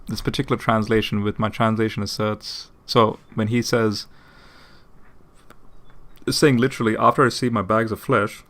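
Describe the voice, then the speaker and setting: A man with a somewhat low voice talks through a point in relaxed, explanatory commentary. He restarts phrases and repeats words as he goes, and often stops to ask "okay?" before moving on. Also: moderate pace. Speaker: apologetics channel host.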